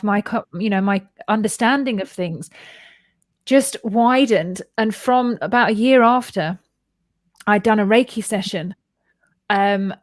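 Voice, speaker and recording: A woman shares a personal story on her podcast in a loose, animated way, dropping into the voices of the people she quotes. Her voice sits in a middle pitch. The recording is close and dry, with no room sound. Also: no room sound. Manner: animated and candid, swears freely, acts out quoted voices. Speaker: podcast host. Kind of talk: casual storytelling chat.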